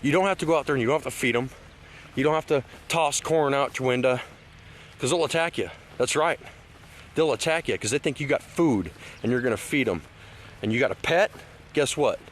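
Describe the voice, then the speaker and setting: A man from Washington State vlogs outdoors at a lakeside park, his mid-range voice brisk with a little hiss or hum in the recording. He rambles casually, restarting often and using lots of fillers, and turns emphatic when he scolds.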